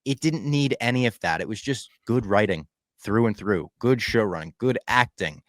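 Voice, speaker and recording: A man co-hosting a podcast, recapping a TV finale in casual chat, animated and swinging from loud outbursts to low asides. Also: moderate pace, no echo. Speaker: podcast co-host.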